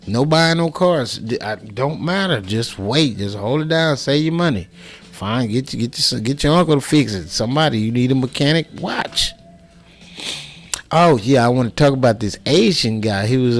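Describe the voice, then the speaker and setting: A man giving impassioned personal commentary, heated and profane, with many restarts and repeated words. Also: mid-range voice.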